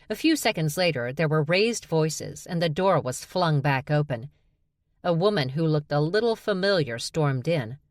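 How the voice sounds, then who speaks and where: A woman reads a romance audiobook in a low, dry studio voice. She narrates steadily and shifts into character voices for the dialogue. The sound is close and free of room echo.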